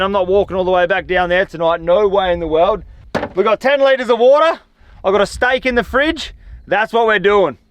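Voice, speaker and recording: This is an Australian man vlogging outdoors in desert dunes and scrub. His voice sits high and comes through smooth and clear. He talks in a chatty, slangy, excitable way, and the sound is dry with no echo. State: tired. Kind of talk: casual outdoor vlog talk.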